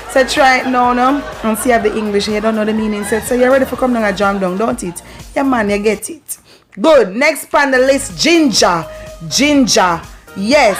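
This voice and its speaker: A Jamaican woman vlogger teaching patois phrases, playful and repeating words for practice. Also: a little high. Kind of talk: lively language lesson.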